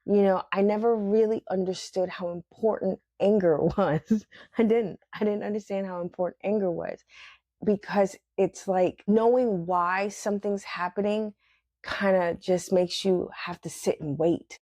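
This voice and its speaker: A woman's voice: mid-range voice, fairly even intonation, unhurried, dark tone, no room sound, clean studio sound. A woman hosting a podcast, speaking in a reflective spiritual monologue and acting out her inner voices with bursts of laughter. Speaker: podcast host.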